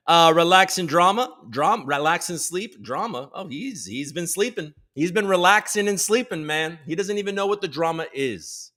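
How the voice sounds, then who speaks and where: Brief: joking male livestream host, a bit high-pitched, bright tone, greets everyone by name. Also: animated, moderate pace, hardly any pauses. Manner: swears freely. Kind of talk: casual livestream chat.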